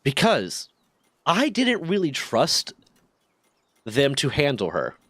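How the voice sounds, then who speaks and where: A man streaming, telling a long story in a casual, animated and profane way. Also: slow, no echo. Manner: profane, animated, shifts pitch a lot.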